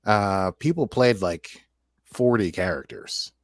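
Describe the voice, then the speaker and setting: A man's voice: fairly low pitch, lively intonation, takes it slowly, no room sound, studio quality. A man co-hosting a podcast in casual chat, rambling and jokey. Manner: chatty, rambling, jokey asides. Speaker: podcast co-host.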